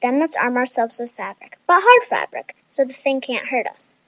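Brief: woman playing a dramatic, easily panicked young woman, very high and shrill. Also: big pitch swings, normal speed, no echo, dull audio. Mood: eager. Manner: shrill and whiny.

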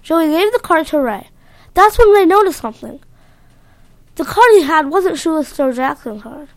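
A woman's voice: high voice, lively intonation, moderate pace, no echo. A woman reading a story aloud in a plain, earnest way.

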